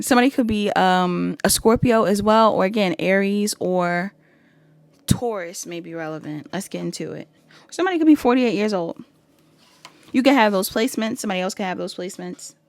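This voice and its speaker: Speaking in a middle-pitched voice at a moderate pace, a chatty woman tarot reader talks straight to viewers during a casual pick-a-card reading. She keeps breaking off to laugh at herself, and the audio is dry and close with no room echo.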